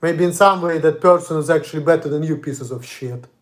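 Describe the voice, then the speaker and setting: A man's voice: on the high side, fairly quick. A young man from Russia with a Russian accent, ranting angrily and profanely in a confrontational monologue. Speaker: vlogger. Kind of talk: angry monologue.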